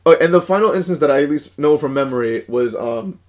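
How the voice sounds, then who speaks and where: A young man co-hosting a podcast, telling a story in casual chat. He rambles through halting restarts, swears freely and laughs often. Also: on the high side, expressive. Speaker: podcast co-host.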